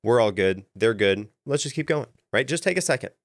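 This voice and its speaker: A man co-hosting a casual talk, giving calm coaching advice and often repeating words as he thinks. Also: medium pitch, a little fast, dry recording, studio quality. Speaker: podcast co-host. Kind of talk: casual chat.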